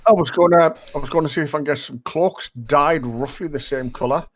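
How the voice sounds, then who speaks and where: A man's voice: a little high, fairly quick. A man in a tabletop game, thinking aloud in loose phrasing. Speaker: player. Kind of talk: tabletop role-play.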